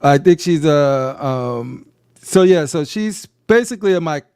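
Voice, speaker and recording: A man co-hosting a casual podcast, chatting about a TV episode and acting out scenes in quick voices. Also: a little high, expressive, darkish tone, clear, resonant tone, no echo, studio quality. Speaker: podcast co-host. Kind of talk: casual watch-along chat.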